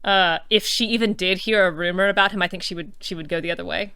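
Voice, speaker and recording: A woman's voice: medium pitch, fast talker, sharp tone, clean tone, no room sound. A woman streamer chatting casually over her gameplay, musing aloud and slipping into playful mock outrage. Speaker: let's-play streamer.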